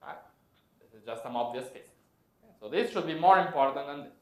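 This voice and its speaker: A man's voice: a little high, expressive, brisk, a little mellow. A man giving a technical physics lecture, explaining step by step and correcting himself as he goes. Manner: thinks aloud, self-correcting, explanatory. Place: lecture hall. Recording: echoey lecture room.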